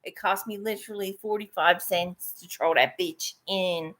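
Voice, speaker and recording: A woman's voice: fairly low pitch, steady tone, moderate pace, fairly bright tone. A middle-aged woman chatting casually while she paints, swearing freely and laughing often. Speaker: painting vlogger.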